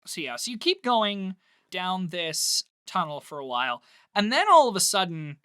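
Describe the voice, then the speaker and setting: A man's voice: high voice, big pitch swings, moderate pace, sharp tone, clean tone, no room sound, studio quality. A man narrating a tabletop game as game master, drawing out words for emphasis as he describes scenes.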